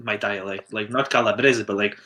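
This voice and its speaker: A man co-hosting a podcast in casual chat, telling animated stories and laughing often. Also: lowish voice, brisk. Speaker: podcast co-host.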